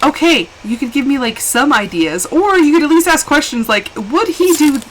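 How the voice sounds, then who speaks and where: Chatty, animated woman streamer. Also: high-pitched, a little hiss or hum, poor audio. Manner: chatty, rambling, quick to laugh; animated, jumps between hushed asides and excited bursts. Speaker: game streamer. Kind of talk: casual live-stream chat while playing.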